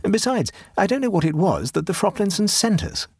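A man's voice: high voice, sing-song, fairly quick, darkish tone, slightly rough, no echo, studio quality, pitched above the performer's own voice, full character voice. A man reading aloud and voicing a gloomy, dutiful Edwardian husband with an earnest, plodding manner.

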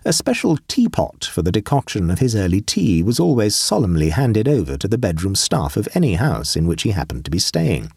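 Husky, wry male storyteller. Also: on the low side, brisk, hardly any pauses, dry recording, clean studio sound. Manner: wry and expressive. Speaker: narrator. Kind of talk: audiobook narration.

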